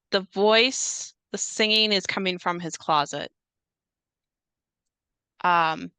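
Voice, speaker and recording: A young woman narrating a tabletop horror game as game master, measured and unhurried, with frequent hesitant fillers. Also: mid-range voice, pushed and bright, clear, resonant tone, no room sound.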